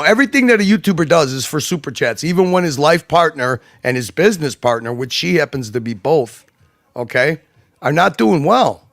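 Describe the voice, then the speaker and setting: A man chats as a livestream guest, rambling and emphatic, full of restarts and asides. His voice sits a little high for a man. The sound is dry and close. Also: no room sound. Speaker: guest commentator. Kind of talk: casual livestream chat.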